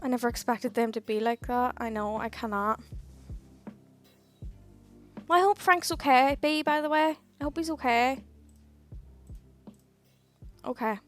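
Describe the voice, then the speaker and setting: A woman's voice: high voice, a little slow, pauses often. A young woman streaming from home and casually chatting with her viewers in a tired, yawning way, reading their messages and answering them. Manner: chatty, reads and answers viewer chat, sighs and laughs at herself. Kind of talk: casual live-stream chat. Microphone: headset. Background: faint game music.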